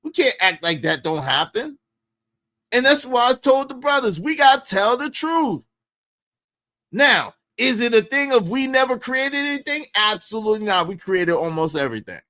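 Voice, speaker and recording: A man's voice: extremely high pitch, big pitch swings, moderate pace, sharp tone. A man hosting a livestream who talks in a preachy, emphatic way and repeats lines for effect. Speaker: livestream host. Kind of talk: opinionated streaming rant.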